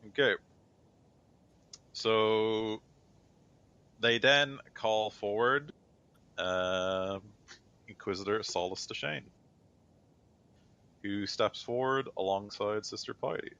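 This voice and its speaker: A man's voice: on the low side, slow pace, pauses often, pushed and bright, clean tone. A man narrating a tabletop game as game master, rambling and full of fillers, on a dull lo-fi recording.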